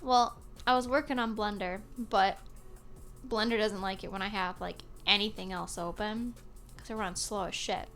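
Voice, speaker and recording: A woman's voice: mid-range voice, fairly even intonation, normal speed, a bit bright, soft background music. A woman chatting casually beside a streamer, teasing and joking. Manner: teasing, joking, laughs often. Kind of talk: casual chat.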